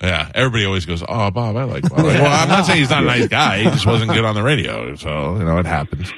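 A man's voice: fairly low pitch, big pitch swings, quick pace, a bit bright, dry recording. A man in his forties hosting a radio show, chatting casually and telling stories bluntly in a radio studio. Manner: chatty storyteller, blunt and grudge-holding. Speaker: radio host. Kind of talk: casual radio interview chat.

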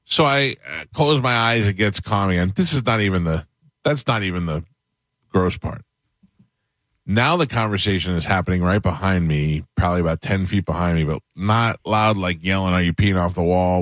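A man hosting a talk radio show, telling a funny story and mimicking loud people in a raised voice. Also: moderate pace, dry recording. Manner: animated, acts out other people's shouting in a higher voice.

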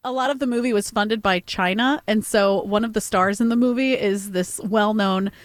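A woman's voice: medium pitch, moderate pace, no room sound, studio quality. A woman co-hosting a radio talk show, chatting and explaining things casually. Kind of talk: casual studio banter.

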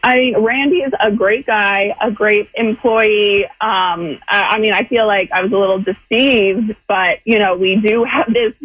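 A woman's voice: mid-range voice, steady tone, a little slow, few pauses, breathy edge, dry recording, muffled recording. A woman guest on a radio show, chatty and flustered, talking with lots of fillers. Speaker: on-air guest, employer. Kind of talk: casual conversation.

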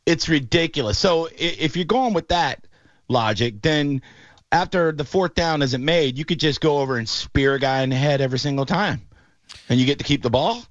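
Animated man ranting about football calls. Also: a little high, moderate pace, no room sound, muffled recording. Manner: animated storyteller, mocking voices in quotes. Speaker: podcast host. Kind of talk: casual sports talk.

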